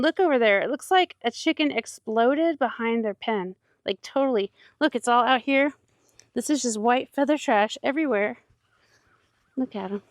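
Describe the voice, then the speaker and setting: A woman's voice: on the high side, no echo, studio quality. A woman chatting casually on a vlog tour of her farm's chicken coop outdoors, talking sweetly to her hens and a bit out of breath. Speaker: farm owner showing her chicken coop. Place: outdoors at a farm.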